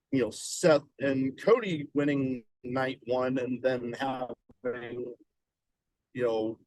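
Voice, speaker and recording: A man's voice: mid-range voice, a little mellow, no echo, poor audio. A man co-hosting a podcast in casual chat, musing hesitantly and swearing now and then. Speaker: podcast co-host.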